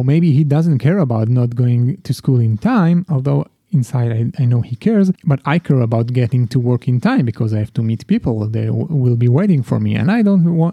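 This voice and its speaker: A man's voice: mid-range voice, warm tone, no room sound. A middle-aged man hosting a solo parenting podcast, talking in a reflective, confessional way with frequent restarts. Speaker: podcast host.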